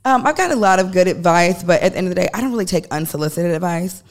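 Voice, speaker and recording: A woman's voice: lowish voice, animated, quick pace. A woman from Chicago, an actor and guest, telling candid stories in casual chat. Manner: candid, storytelling with quoted voices.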